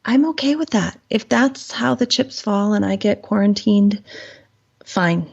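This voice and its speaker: Podcast guest, female, lively storyteller, gravelly fry, muffled lo-fi recording. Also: medium pitch, unhurried. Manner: animated storyteller acting out quoted voices. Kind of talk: casual podcast conversation.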